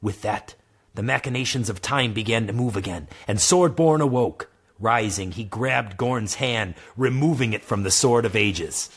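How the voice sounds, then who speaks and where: A man's voice: lowish voice, normal speed, breathy edge. A man reading his own comedic fantasy story aloud, casual and joking as he narrates. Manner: laughs through his own jokes, casual asides.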